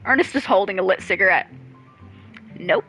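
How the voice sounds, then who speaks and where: A woman's voice: medium pitch, quick pace, music in the background, low-quality recording. A woman casually reading a visual novel game aloud, chatty, reacting, swearing and laughing along. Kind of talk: casual let's play narration with reactions.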